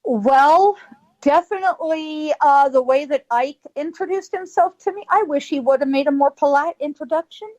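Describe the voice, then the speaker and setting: A woman from California, a psychic guest on a radio show, telling a story with lively quoted voices and frequent laughs. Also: high voice, normal speed, highs cut off.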